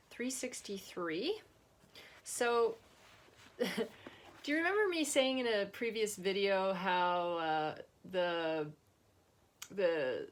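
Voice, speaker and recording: A woman author chatting casually about her book and reading from it. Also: on the low side. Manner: chatty, laughs often, restarts.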